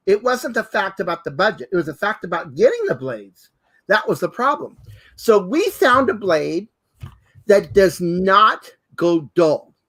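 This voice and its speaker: High, lively man gushing over sewing tools. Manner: exuberant, exclaims and repeats "fabulous" and "hello". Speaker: costume designer and co-host. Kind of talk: enthusiastic product demo chat.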